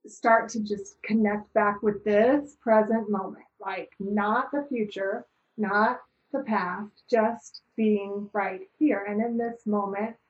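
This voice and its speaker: Slow, calm-spoken middle-aged woman. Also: medium pitch, muffled recording. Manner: slow, calm, searching with many pauses. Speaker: guest. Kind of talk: reflective interview talk.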